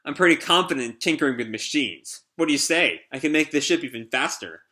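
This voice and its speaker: A man's voice: a little high, lively intonation, brisk, pushed and bright. A man reading the lines of a cowardly young mechanic who wheedles to save himself. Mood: wheedling. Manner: wheedling, shifty.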